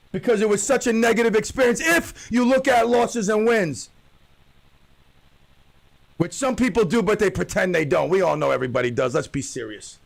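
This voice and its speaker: Loud gravelly ranting radio host man. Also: sits high, rough recording. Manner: loud, ranting, mocks whiners in a wailing voice. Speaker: radio host and softball coach. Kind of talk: animated radio monologue.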